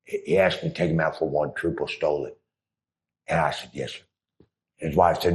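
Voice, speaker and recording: A man's voice: extremely low pitch, fairly even intonation, brisk. A middle-aged man, a former Marine, telling rambling, profane stories in a casual interview. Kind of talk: casual storytelling.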